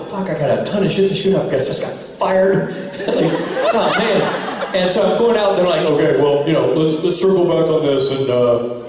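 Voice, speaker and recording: A man's voice: a little high, darkish tone, slight background noise. A man on a convention panel telling a long story, laughing and acting out what others said. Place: large convention hall. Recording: echoey hall from far off.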